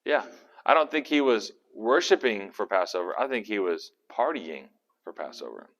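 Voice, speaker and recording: A man's voice: on the low side, big pitch swings, normal speed, a bit bright, lo-fi sound. Chatty down-home guy teaching bible study, hall echo behind him. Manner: folksy, conversational, chatty. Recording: reverberant hall.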